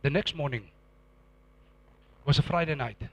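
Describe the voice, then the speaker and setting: A middle-aged man, preaching a sermon and telling a dramatic testimony, acting out scenes with sudden loud outbursts. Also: a little high, normal speed, dull audio.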